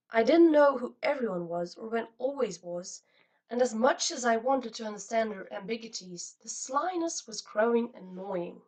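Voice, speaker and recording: A woman reading a novel aloud as an audiobook narrator, in an expressive, steady style. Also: a little high, moderate pace, far from the mic, poor audio. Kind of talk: scripted narration.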